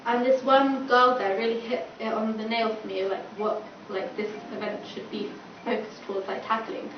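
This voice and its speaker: A woman's voice: fairly high pitch, steady tone, moderate pace. A young woman campaigner giving a chatty panel talk, full of "like" and acted-out quoted dialogue. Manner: chatty, filler-heavy, acts out quoted dialogue. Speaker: student campaigner. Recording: distant, echoey, dull and noisy room recording.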